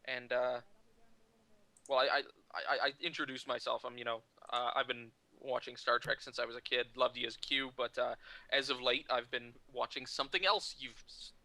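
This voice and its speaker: A man casually telling a funny anecdote to friends in a lively, chatty way. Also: medium pitch, moderate pace, no echo. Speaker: storyteller.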